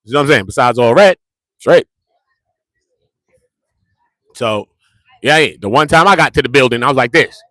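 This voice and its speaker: A man's voice: mid-range voice, normal speed, long pauses, bright, forceful tone, no echo, clean studio sound. A man, rambling casually to the camera in slang, joking and repeating himself.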